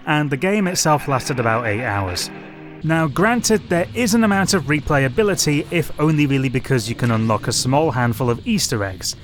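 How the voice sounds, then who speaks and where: A young man reading a measured, lightly wry scripted game review. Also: medium pitch. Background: faint background music.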